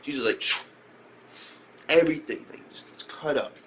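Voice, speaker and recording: A young man reviewing an anime episode in casual speech, slangy and profane, who keeps jumping up in pitch when he reacts. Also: moderate pace, fairly bright tone, a little hiss or hum.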